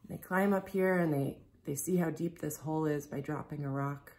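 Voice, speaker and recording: A woman reading a picture book aloud to children, gently explaining as she goes and asking them questions. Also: low voice. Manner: gentle, slow storytelling, speaking directly to children.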